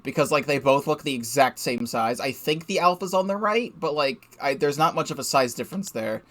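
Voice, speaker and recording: Casual young dude narrating his game clips, rambly and sweary, voice sits a little high. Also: animated, brisk, fairly bright tone. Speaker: let's play gamer.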